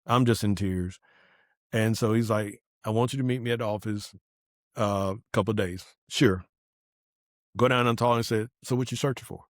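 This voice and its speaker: A man's voice: lowish voice, fairly even intonation, normal speed, dry recording, clean studio sound. Earnest man telling his story. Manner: earnest storytelling, acting out quoted dialogue. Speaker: podcast guest. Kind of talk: personal testimony in casual conversation.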